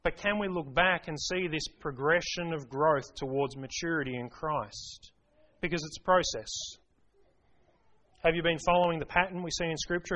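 A man's voice: on the high side, a bit bright. A man preaching a sermon to a congregation, emphatic, repeating key phrases and asking rhetorical questions. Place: church service.

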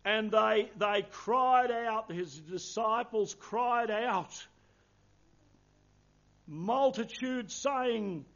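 A man's voice: high-pitched, very slow, a bit bright, lo-fi sound. A man preaching a sermon, earnest and emphatic, quoting scripture in old-fashioned wording.

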